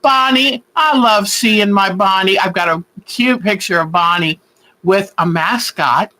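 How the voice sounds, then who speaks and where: A man chats casually with viewers as a quilting show host, gushing and effusive. His voice sits notably high and his pace is unhurried, with a bright, forceful edge. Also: poor audio. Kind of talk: casual live-stream chat.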